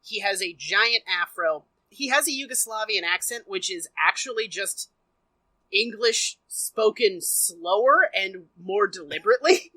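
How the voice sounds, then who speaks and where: A woman's voice: medium pitch, bright, forceful tone, dry recording, low-quality recording. A woman co-hosting a podcast, recapping a film in casual chat, profane and sardonic, laughing as she tells it. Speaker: podcast co-host.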